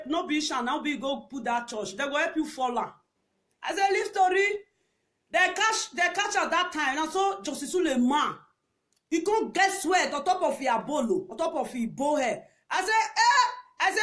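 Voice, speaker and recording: A woman with a Nigerian accent delivers a heated rant in a very high voice. She scolds, repeats her points over and over, and breaks into shouts and laughter. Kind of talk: angry ranting commentary.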